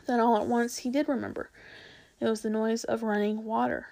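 Woman, storyteller, reading a novel aloud, expressive, slightly high voice, gravelly texture. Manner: unhurried, expressive reading with small slips.

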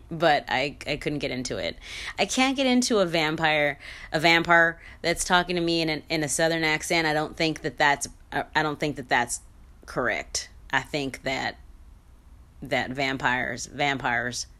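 A woman's voice: low-pitched, a bit bright. A woman hosting her own podcast in casual solo chat, blunt and chatty, laughing often and slipping into playful sing-song asides. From mixed heritage. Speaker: podcast host.

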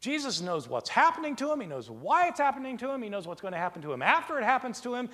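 Man, lecturer, high voice, very expressive pitch, rhetorical questions, long hall reverb. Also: fast talker. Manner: animated, rhetorical questions, plays out imagined exchanges. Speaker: lecturer on early Christian texts.

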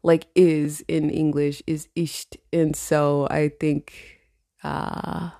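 Woman, late 20s, podcast host; low, gravelly, swears and laughs freely. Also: little pitch movement, slow, dark tone, dry recording, clean studio sound. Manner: loose, profane, laughs often. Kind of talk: casual solo podcast chat.

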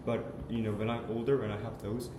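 A man's voice: fairly low pitch, level tone, noisy background. Earnest teenage boy in echoey room. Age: teens. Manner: earnest, halting with restarts. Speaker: podcast co-host. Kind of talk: casual chat.

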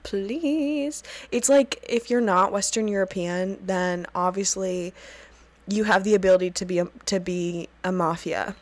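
A woman hosting a casual solo podcast, recapping a TV episode in an animated, sweary way and often breaking into laughter and rants. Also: lowish voice, moderate pace, no echo.

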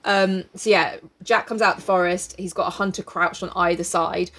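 A woman's voice: fairly low pitch, steady tone, a bit bright, slight background noise. Laid-back woman reading and chatting. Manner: laughing, sweary, breaks into quick character voices. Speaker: book club co-host reading aloud. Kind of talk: casual chat with read-aloud passages.

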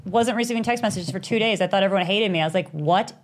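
A woman, co-hosting a podcast in casual chat, telling a story animatedly and acting out quoted voices with sudden high pitch jumps. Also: racing. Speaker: podcast co-host.

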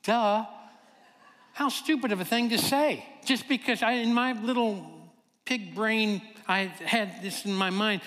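A man from Kentucky preaching a sermon, telling a personal story in an animated way and acting out the voices of the people in it. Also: high-pitched, unhurried. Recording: long hall reverb.

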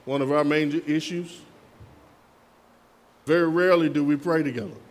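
A man's voice: fairly high pitch, fairly even intonation, moderate pace. A man preaching a sermon as pastor, calling out to the congregation for responses and slipping in playful asides.

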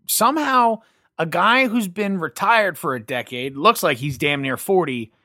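A podcast co-host chatting casually about a movie, rambling and quick to joke. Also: mid-range voice, animated, bright, forceful tone, dry recording, studio quality. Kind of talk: casual movie review chat.

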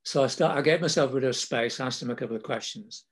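A man's voice: mid-range voice, fast talker, breathy edge. Older southern English man reminiscing. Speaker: storyteller recalling his career. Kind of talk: casual spoken memoir.

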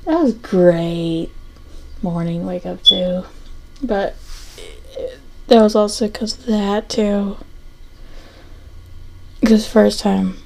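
Woman, young adult, podcast host, casual rambling chat, lots of fillers, gravelly fry. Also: medium pitch, extremely slow, pauses often, poor audio. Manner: rambling, full of fillers and restarts.

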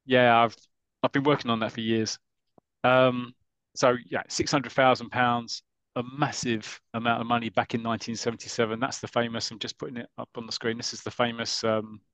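A man's voice: medium pitch, no room sound. Man hosting a chatty podcast. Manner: lively storyteller who acts out characters' lines. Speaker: podcast host. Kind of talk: casual podcast chat, retelling a comic story.

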